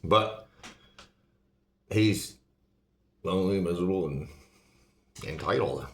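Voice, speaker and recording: A man's voice: low voice, takes it slowly, fairly bright tone. A man talking bluntly in a casual monologue, swearing constantly as he rants. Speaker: host. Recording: echoey room.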